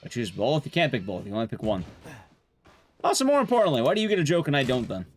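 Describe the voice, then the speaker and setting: Young male streamer, dry deadpan humor, lively pitch, faint hiss. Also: quick pace. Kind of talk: casual gameplay commentary.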